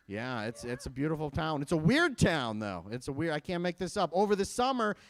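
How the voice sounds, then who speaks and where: A man's voice: on the high side, sing-song, a little fast, no echo. A young man from Michigan doing a stand-up comedy set, joking and laughing at his own lines.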